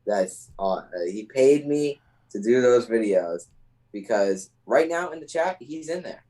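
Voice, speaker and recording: A man's voice: medium pitch, animated, measured pace, dark tone, poor audio. A man co-hosting a podcast, explaining himself defensively in casual chat. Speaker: podcast co-host.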